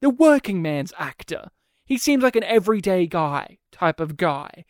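A podcast host in casual film chat, talking in animated, quick bursts and laughing often. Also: mid-range voice, dry recording, clean studio sound.

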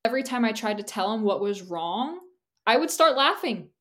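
A young woman co-hosts a podcast in relaxed, casual chat. She talks candidly and rambles, laughing often and leaning on "like" as she goes. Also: fairly high pitch, normal speed. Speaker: podcast co-host.

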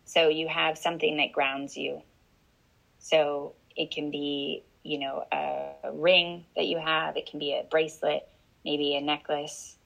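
A woman coach explaining calmly as an interview guest, often checking in with "right?". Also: low voice, unhurried, creaky, low-quality recording.

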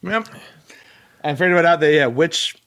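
A man's voice: fairly high pitch, moderate pace, a bit bright. A man co-hosting a podcast in casual chat, ranting and joking with plenty of swearing. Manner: profane ranting, jokey. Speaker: podcast co-host.

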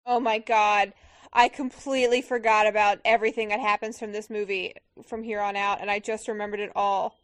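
A woman's voice: medium pitch, flat delivery, a little fast, no room sound, clean studio sound. A woman co-hosting a podcast, reacting emotionally and chatting casually about a movie. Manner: emotional, effusive, swearing. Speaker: podcast co-host. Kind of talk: casual movie-watch commentary.

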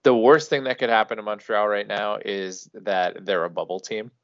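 A man co-hosts a hockey podcast in a laid-back, dry-humored style, often restarting his sentences during the casual sports chat. His voice is lowish and fairly bright, with fairly even intonation and a moderate pace; the recording has no room sound and is dull, dry, and lo-fi.

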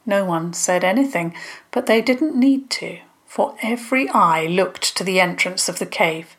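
Slow, gentle woman storyteller. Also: lowish voice. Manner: gentle, unhurried narration. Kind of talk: children's storybook reading.

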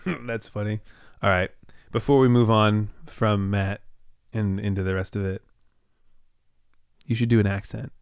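A man's voice: fairly low pitch, steady tone, moderate pace, clean tone, no echo, clean studio sound. A young adult man hosting a podcast, chatting in a playful, rambling way and laughing often. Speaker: podcast host. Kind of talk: casual chat.

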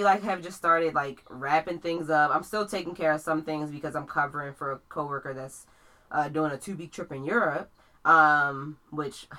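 A young woman co-hosting a podcast, chatting casually in relaxed slang and laughing often. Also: low voice. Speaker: podcast co-host. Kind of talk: casual chat.

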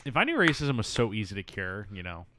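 A man's voice: on the low side, very animated, fast, very noisy. A man in casual chat recapping a movie with dry, sarcastic asides and plenty of fillers. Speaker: co-host.

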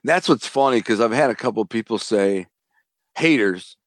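A man, a former mob enforcer and author, telling animated, slangy stories in an interview. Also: lowish voice, moderate pace, dry recording. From Detroit. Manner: animated, streetwise storytelling with slang and acted-out dialogue. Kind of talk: casual storytelling interview.

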